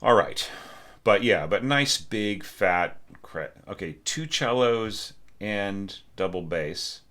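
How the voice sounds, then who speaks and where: A man with a very low voice talks through a student's orchestral score as a teacher. His critique is casual and chatty, with frequent fillers, restarts and the odd hummed phrase. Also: lively intonation, slow pace, sharp tone. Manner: conversational, with many fillers and restarts; hums musical lines aloud.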